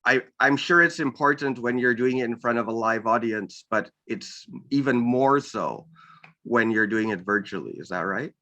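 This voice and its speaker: A man interviewing a guest, talking slowly and searching for words with many pauses and restarts. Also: mid-range voice, bright, forceful tone, dull audio. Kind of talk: casual interview talk.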